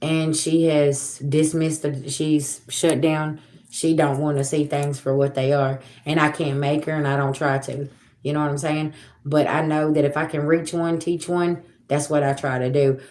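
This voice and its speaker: Low-voiced and darkish in tone, this woman in her forties keeps a level delivery at normal speed. She's a psychic on a livestream, casually addressing viewers head-on, bluntly and emphatically, with plenty of swearing.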